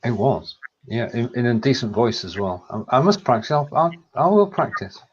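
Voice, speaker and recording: British male co-host for a live-stream chat, brisk and jokey, medium pitch, slightly muffled audio. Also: big pitch swings, husky. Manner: quick, jokey, laughs often. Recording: dull lo-fi audio.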